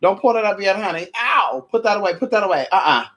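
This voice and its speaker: This vlogger, tired and sweaty, preaches a cussing, sermon-like rant in an animated mid-range voice. Sassy asides of honey and girl mix with stammered restarts, yells of ow, and slow, dramatic readings from scripture.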